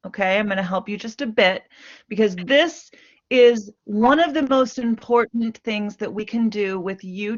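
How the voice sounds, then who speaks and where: A woman's voice: mid-range voice, natural voice. A woman playing a patient family therapist. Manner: coaching, repeats okay, rephrases slowly. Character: patient female family therapist coaching mother and daughter. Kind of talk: role-play enactment. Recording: muffled lo-fi recording.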